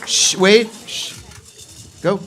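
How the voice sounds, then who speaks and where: A man organizing a crowd event, calling out brisk directions and hushing people. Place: synagogue hall.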